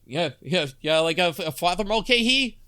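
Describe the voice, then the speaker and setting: A man's voice: high-pitched, lively intonation, pushed and bright, clean tone. A man co-hosting a sitcom podcast, chatting casually with frequent restarts and laughter. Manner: halting, lots of restarts and laughs. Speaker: podcast co-host. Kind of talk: casual chat.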